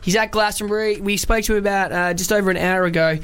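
A man's voice: sits high, steady tone, quick pace, a bit bright, smooth. A man hosting a radio show, chatting and telling stories with lots of laughter. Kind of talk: casual radio banter.

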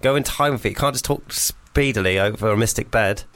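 A man's voice: fairly low pitch, a little fast, a bit bright. A man co-hosting a radio show, bantering playfully and laughing often. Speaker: radio co-host.

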